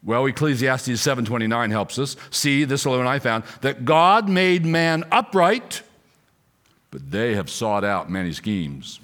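A man preaching an expository sermon, emphatic and full of rhetorical questions, slowing down to read scripture. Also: medium pitch, animated, fairly bright tone.

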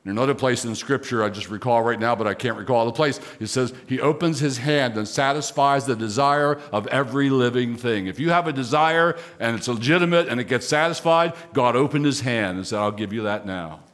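A man's voice: mid-range voice, brisk, few pauses, a bit bright. A male pastor preaching a sermon, emphatic, repeating key phrases and rising sharply on exclamations.

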